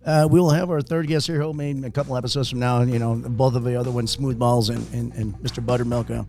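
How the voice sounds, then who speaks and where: A man's voice: mid-range voice, fairly even intonation, quick pace, warm tone. A man hosting a podcast, telling a rambling story in casual chat, swearing often and laughing along. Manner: rambling, swears a lot, laughs at own stories. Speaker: podcast host.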